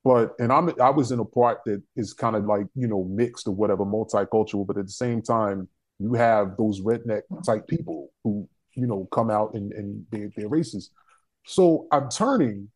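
A young adult man telling a story on a discussion panel, profane, animated and emphatic. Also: lowish voice, moderate pace, slightly rough.

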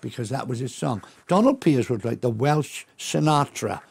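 Lively gravelly older man telling jokes. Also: mid-range voice, moderate pace. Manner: storytelling, slips into comic voices. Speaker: interviewee, comedian. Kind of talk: anecdotal interview.

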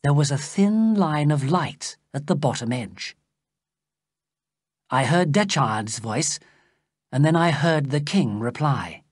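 A narrator reading a graded story aloud slowly and plainly for English learners. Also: no echo, studio quality. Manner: slow, clear storytelling with lively pitch. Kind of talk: slow scripted audiobook narration for English learners.

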